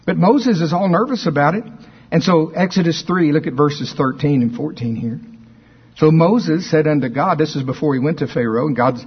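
A man's voice: fairly high pitch, moderate pace, breathy edge. A man teaching from the Bible in a sermon, explaining verses conversationally with asides. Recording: dull lo-fi recording.

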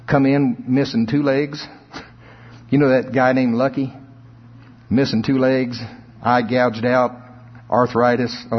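Preacher guy, kinda husky voice, big echoey church, dull old recording, gets loud and high on the big points. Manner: preaching with rising emphatic swells and laughs. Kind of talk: sermon. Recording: lo-fi reverberant hall recording.

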